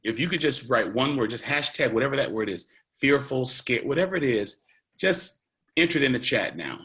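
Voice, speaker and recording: A man's voice: mid-range voice, lively intonation, brisk, fairly bright tone. A man giving an earnest, conversational online presentation, talking directly to a large audience and emphasizing key points.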